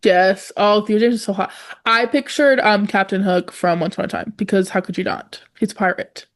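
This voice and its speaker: Co-hosting a podcast, a young woman talks about a book in a casual, laugh-filled way with lots of fillers. Her voice is medium in pitch with fairly even intonation, at a moderate pace.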